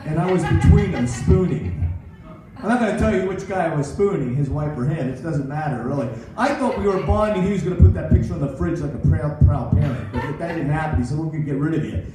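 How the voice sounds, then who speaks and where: A man's voice: fairly high pitch, animated, fast talker, background noise. A man in his sixties doing a rambling, self-mocking stand-up set at a comedy club. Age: 60s. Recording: echoey club recorded from far off.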